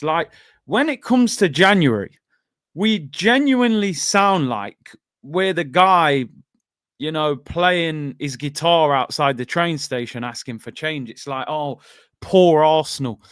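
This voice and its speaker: A man's voice: on the high side, fairly bright tone, dry recording, studio quality. A man hosting a casual football chat, venting in exasperated rhetorical questions. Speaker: podcast host.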